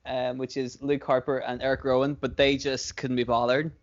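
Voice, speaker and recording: A man's voice: medium pitch, level tone, moderate pace, muffled recording. Rambling, swearing male podcast co-host. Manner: rambling, profane, laughs often. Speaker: podcast co-host booking wrestling shows. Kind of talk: casual chat.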